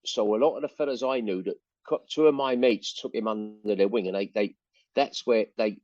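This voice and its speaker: An older man with an East London accent tells stories in a low, unhurried voice. He rambles and restarts, piling on "you know"s. The sound is dry and a little muffled. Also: darkish tone, no room sound. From England. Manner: rambling anecdotes with frequent fillers and restarts. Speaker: interview guest, musician. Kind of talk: casual storytelling interview.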